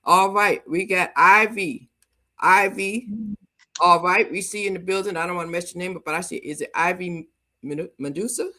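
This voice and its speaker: Woman, livestream host, energetic, audience hype, bright tense voice. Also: fairly low pitch, normal speed. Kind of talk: livestream talk show hosting.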